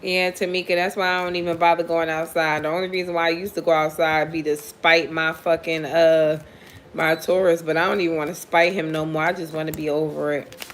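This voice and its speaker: A woman's voice: sits low, level tone, brisk, a little hiss or hum. A woman giving a casual live tarot reading for viewers, blunt and profane, often laughing as she talks. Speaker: tarot reader.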